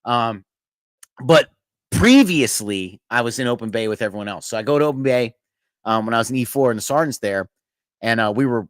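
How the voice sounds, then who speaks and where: Fast-talking man spinning service stories. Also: medium pitch, no echo. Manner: animated, laughs through stories, acts out quotes. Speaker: podcast host, former Navy corpsman with Marines. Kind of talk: casual storytelling chat.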